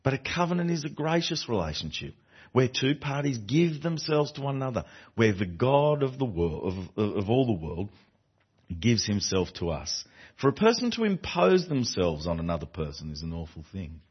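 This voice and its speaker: A man delivers a sermon to a congregation in a slightly husky voice. His pitch rises and falls with lively emphasis as he repeats phrases and restarts lines. The recording is muffled and lo-fi. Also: moderate pace. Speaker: preacher. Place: church before a congregation. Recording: dull lo-fi recording.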